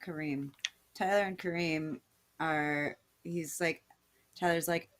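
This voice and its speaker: A woman's voice: low voice, slow pace. A woman co-hosting a podcast, playfully retelling a comic plot in casual chat. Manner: lively, laughing, playful retelling. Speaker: podcast co-host.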